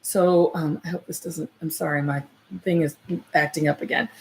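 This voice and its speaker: In a low voice with fairly even intonation, a psychic medium gives a live reading, hesitant and searching, with plenty of fillers and restarts. She slows down and goes soft for the messages she passes on.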